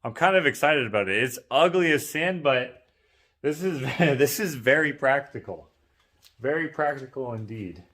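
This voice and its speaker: A man's voice: mid-range voice, animated, normal speed, a bit bright. A man vlogging casually in his woodworking shop, rambling with lots of fillers and self-deprecating asides.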